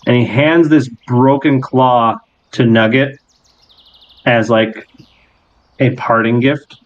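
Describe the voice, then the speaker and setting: A man's voice: medium pitch, slow pace. Man narrating a tabletop game, lo-fi. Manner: animated, rambling storytelling. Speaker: game master.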